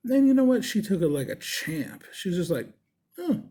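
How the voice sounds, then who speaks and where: A man with a fairly high, husky voice tells a story in a loose, rambling way. He is laid-back and profane, and he talks like a piercer swapping shop stories. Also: big pitch swings, brisk, mellow. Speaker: body piercer. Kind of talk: casual storytelling.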